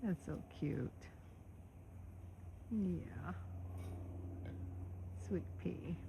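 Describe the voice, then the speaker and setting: A woman filming her farm animals, chatting casually and talking to them in a gentle, coaxing voice. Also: fairly low pitch, lively intonation, very slow, vocal fry. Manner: gentle baby-talk to animals, frequent soft laughs. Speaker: farm vlogger. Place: outdoors on a small farm. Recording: outdoor farm noise, animals behind. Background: animal sounds and outdoor ambience.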